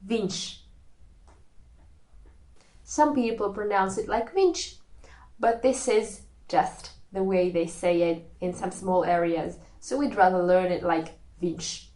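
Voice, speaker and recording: A woman teaching a recorded language lesson, explaining rules slowly and carefully with spoken examples. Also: fairly low pitch, dark tone. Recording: echoey room.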